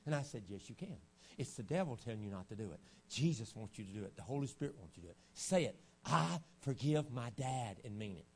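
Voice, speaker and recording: A man preaching a revival sermon, dropping to a low, hushed storytelling voice and then rising to loud, shouted preaching. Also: expressive, racing, slightly rough. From United States. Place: church sanctuary. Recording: archived church recording with faint hum.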